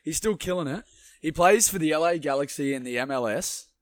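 A man's voice: on the high side, animated, fairly quick, no room sound, clean studio sound. A young man co-hosting a casual sports chat, rambling with many restarts and laughs. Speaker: co-host.

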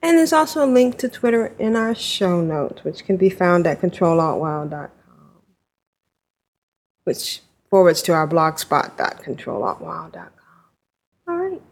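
A woman's voice: fairly low pitch, expressive, measured pace, pauses often. A woman hosting a gaming podcast, greeting her co-hosts in an upbeat, chatty way. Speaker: podcast host. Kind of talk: casual podcast chat.

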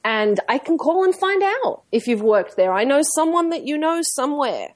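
Woman radio host, blunt and profane, fairly high voice. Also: sing-song, moderate pace, no echo, studio quality. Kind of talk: casual radio talk.

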